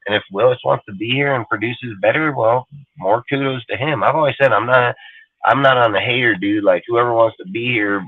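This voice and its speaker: A man's voice: mid-range voice, a little fast, no echo, phone-quality sound. A man hosting a casual sports talk show, ranting emphatically and cursing often.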